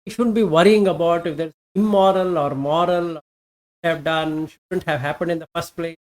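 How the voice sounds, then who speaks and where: A Dhamma teacher giving an informal Buddhist teaching, reflective and halting, asking rhetorical questions and then answering them. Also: medium pitch, fairly even intonation, darkish tone.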